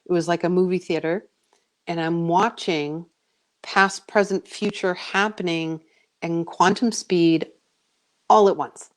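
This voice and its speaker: A woman's voice: on the low side, a little slow. Chatty middle-aged woman telling a story. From United States. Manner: animated, acts out her own past voice; chatty with many fillers. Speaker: psychic medium guest. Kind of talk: radio interview storytelling.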